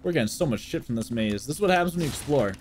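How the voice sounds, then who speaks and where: Rapid-fire and medium-pitched, a young man streams his gameplay with a bit of hiss or hum in the audio. He jokes around with chat, gets excitable, and swears constantly.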